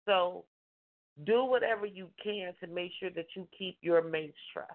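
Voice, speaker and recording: A woman's voice: lowish voice, a little slow. A woman life coach hosting a call-in show. She gives relationship advice emphatically, repeats her points and acts out the voices of the couples she describes. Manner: emphatic, repetitive preaching with acted-out mimicry. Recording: tinny phone-line sound.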